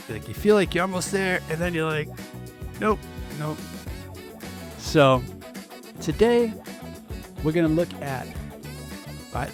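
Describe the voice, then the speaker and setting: A man giving a relaxed, chatty guitar lesson, full of fillers and quick asides. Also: medium pitch. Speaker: guitar teacher.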